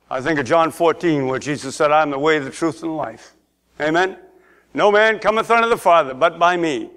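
Middle-aged male pastor, high-pitched, sermon delivery that asks for amens and swells to emphatic peaks. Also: a little fast, fairly bright tone. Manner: preaching, calls for amens, rises to emphatic peaks. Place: church sanctuary.

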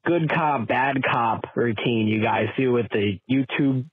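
A man leaving a voicemail, speaking in a slow, rambling way. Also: medium pitch, phone-quality sound, slight background noise.

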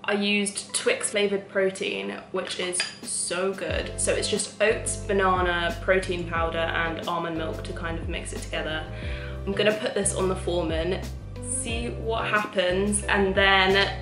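A young woman with a London accent, chatting casually to camera in a cooking vlog, animated and full of quick asides. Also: mid-range voice, music in the background. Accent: London English. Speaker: vlogger.

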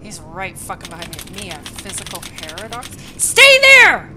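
A woman playing a horror game and commenting, jumpy and swearing, often yelling out in fright. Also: fairly low pitch, brisk. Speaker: gaming video creator. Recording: noisy lo-fi home mic with volume spikes.

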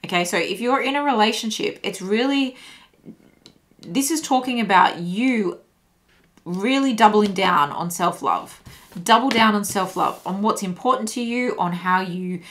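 A woman's voice: medium pitch, lively intonation, a little slow, a bit bright. A woman giving a casual tarot reading to camera who thinks aloud as she muses over the cards and often repeats phrases. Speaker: tarot reader.

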